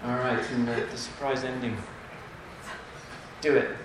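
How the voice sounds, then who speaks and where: A man reads a rhyming picture book to a live audience in a medium-pitched, rather flat voice, a little slowly, cracking jokes between pages and laughing a lot. The echoey recording comes from a distant mic with background noise.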